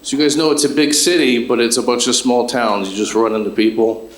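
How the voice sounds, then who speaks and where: A man works a comedy club stage with a handheld mic, and his voice bounces around a roomy space. He talks at an everyday pitch, spinning family stories in a dry, offhand way and throwing quick questions to the crowd. A faint hum of the room sits under him. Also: fairly even intonation. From Chicago. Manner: dry, conversational storytelling with asides to the crowd. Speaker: stand-up comedian. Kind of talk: stand-up comedy set. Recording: roomy live club sound.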